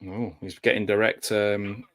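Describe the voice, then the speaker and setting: A man's voice: lowish voice, steady tone, unhurried, a bit bright. Wry man chatting over a film. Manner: chatty and wry, with dry jokes and frequent fillers. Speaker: film commentary host. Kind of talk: casual live film commentary.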